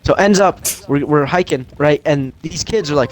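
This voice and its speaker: A man's voice: a little high, normal speed. A young man casually telling a story as a podcast host, loose and profane, with lots of fillers.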